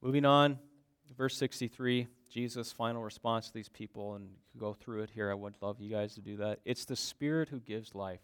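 A man's voice: fairly low pitch, flat delivery, fairly quick, clean tone. A man preaching a sermon, emphatic and given to repeating his points. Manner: emphatic, repeats phrases for stress.

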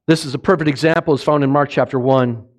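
A middle-aged man preaching a sermon as pastor, impassioned, swinging between loud peaks and quiet asides, often putting questions to the congregation. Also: medium pitch, steady tone, quick pace. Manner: impassioned, rising and falling, asks the congregation questions.

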